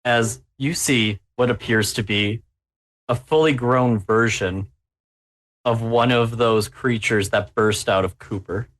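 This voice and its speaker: Leading a tabletop horror game, a man narrates at an unhurried pace in a medium-pitched, fairly bright voice. His glee at the players' predicament is unmistakable, and he savors every threat.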